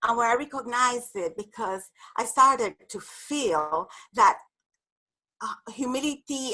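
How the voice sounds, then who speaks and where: A woman guest explaining an idea in a lively interview, laughing often and acting out the voices in her examples. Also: fairly high pitch, measured pace, low-quality recording. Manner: animated, laughs often, acts out apologetic voices. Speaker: guest speaker. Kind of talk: conversational explanation with acted examples.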